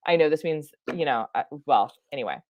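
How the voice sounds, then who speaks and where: A woman's voice: low voice, animated, fairly quick, dry recording, muffled recording. A woman chatting through a live-stream reaction, rambling with lots of fillers, restarts and laughs. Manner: rambling, many fillers and self-interruptions. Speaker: science streamer.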